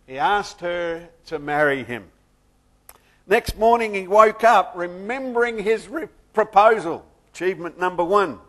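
A man pastor who prays softly, then preaches a sermon with lively humor and jokes. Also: high voice.

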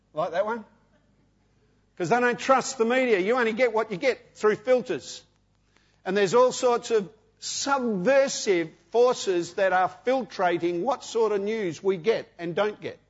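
A man in his sixties with an Australian accent, preaching a sermon emphatically, repeating phrases and asking the congregation questions. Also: high voice. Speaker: pastor. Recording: dull lo-fi sound.

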